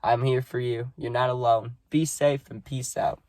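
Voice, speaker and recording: A man's voice: mid-range voice, fairly even intonation, normal speed, darkish tone, slight background noise. A man talking casually and sadly in a vlog, rambling with many fillers. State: sad, subdued. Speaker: vlogger.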